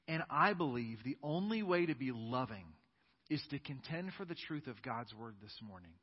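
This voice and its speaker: A man's voice: a little high, husky. A man preaching a sermon as pastor in a church sanctuary, earnest and emphatic, building his points up with force. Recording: dull sound with long church-hall reverb.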